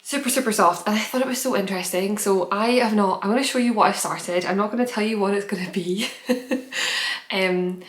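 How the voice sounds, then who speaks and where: A woman's voice: medium pitch, fairly quick. A woman hosting a knitting podcast, chatting casually and rambling with frequent self-corrections. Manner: rambling, self-interrupting, candid. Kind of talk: casual chat to camera. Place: home room in fading daylight. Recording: echoey room.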